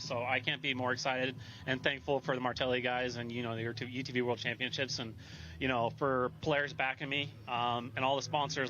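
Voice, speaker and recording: A man's voice: mid-range voice, fairly even intonation, normal speed, pushed and bright, faint music behind. A man who just won a race, humble and grateful, talking outdoors at a race finish, heard through dull lo-fi livestream audio. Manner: humble, grateful, laughing easily. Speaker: winning race driver. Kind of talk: post-race interview.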